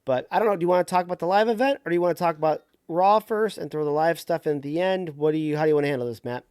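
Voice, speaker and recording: A man's voice: fairly high pitch, racing, darkish tone, clear, resonant tone, dry recording, clean studio sound. A man co-hosting a casual wrestling podcast, rambling loosely and laughing easily. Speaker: podcast co-host.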